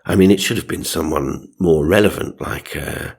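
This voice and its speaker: A low-voiced man reading silly stories aloud with dry, sardonic asides. His delivery stays wry and unhurried between jokes. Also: creaky, darkish tone, breathy edge. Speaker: narrator and comic host.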